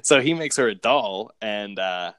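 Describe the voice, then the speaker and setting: A man's voice: lowish voice, lively intonation, measured pace, fairly bright tone, dry recording. A man in casual chat, rambling and amused as he recaps movie plots, often restarting his sentences.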